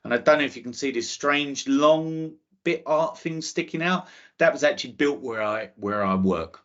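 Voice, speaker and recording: A man's voice: medium pitch, normal speed, a bit bright, dull audio. A man giving an enthusiastic, chatty online talk to students about space careers, often checking in with "okay?". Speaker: guest speaker on space careers.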